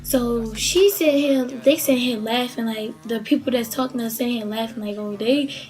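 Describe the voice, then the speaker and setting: A woman's voice: on the high side, normal speed, music in the background. A young woman from the Baltimore area casually telling a story, chatty and rambling with lots of fillers. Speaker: vlogger.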